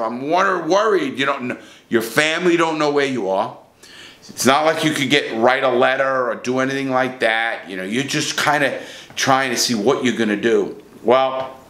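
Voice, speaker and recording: A man's voice: medium pitch, pushed and bright. Blunt, profane man telling prison stories. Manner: blunt, profane, rambling with restarts. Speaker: ex-prisoner storyteller. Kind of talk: casual first-person storytelling. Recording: echoey room.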